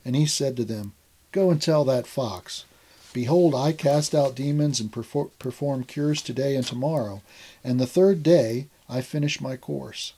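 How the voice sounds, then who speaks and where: A man reading a scripture passage aloud in a measured, formal way. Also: mid-range voice, dark tone, slightly rough. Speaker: scripture reader.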